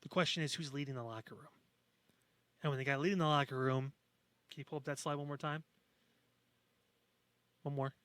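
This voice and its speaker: A man's voice: fairly high pitch, steady tone, fairly quick, long pauses, a bit bright, no room sound. Man, podcast co-host, blunt, profane, sarcastic, dry recording. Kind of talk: casual chat.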